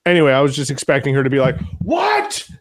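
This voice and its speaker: A man's voice: medium pitch, steady tone, very fast, dry recording, clean studio sound. A man co-hosting a casual show recap, retelling scenes with mocking voices and casual swearing. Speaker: podcast co-host.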